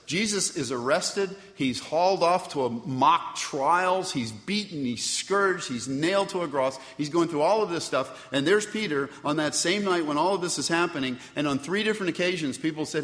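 Middle-aged pastor guy preaching, chatty, asks the crowd stuff, kinda high voice, big echoey church. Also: animated, normal speed, a bit bright. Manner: conversational preaching with rhetorical questions and acted-out quotes. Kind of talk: sermon. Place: church sanctuary. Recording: long reverb from a large hall.

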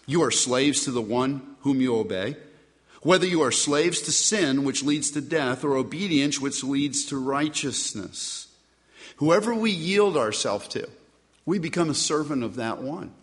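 A male pastor delivering a sermon in a church sanctuary. His voice sits mid-range and moves between emphatic, lifted phrases and quieter, settled endings. A long reverb hangs behind each line. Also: medium pitch. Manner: emphatic preaching with rising and falling delivery.

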